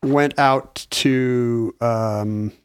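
A man's voice: mid-range voice, steady tone, extremely slow, clear, resonant tone, no room sound, studio quality. A man co-hosting a podcast, explaining a story in a chatty, wry way with frequent restarts. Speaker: podcast co-host. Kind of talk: casual chat, explaining a story.

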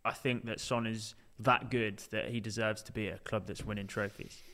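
A man's voice: lowish voice, flat delivery, moderate pace, sharp tone. A man co-hosting a casual football podcast, laughing often and telling stories with energy. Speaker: podcast co-host.

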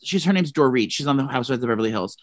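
A podcast co-host gossiping casually, animated and profane, with sudden jumps up in pitch. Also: very fast, dry recording, clean studio sound.

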